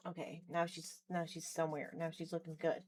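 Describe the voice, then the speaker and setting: A young woman chatting casually on a live stream from her bedroom, excitable, swearing and trailing off mid-sentence. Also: deep voice, a little fast, a little hiss or hum. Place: home bedroom.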